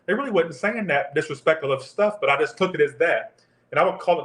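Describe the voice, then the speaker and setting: A man's voice: on the high side, lively intonation, quick pace, a bit bright, roomy sound. A man giving a casual tarot reading, rambling off into profane tangents. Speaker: tarot reader.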